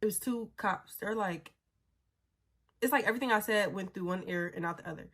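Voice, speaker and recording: A woman, a mother, telling a story in a casual, animated and blunt way, swearing freely. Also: medium pitch, a little fast.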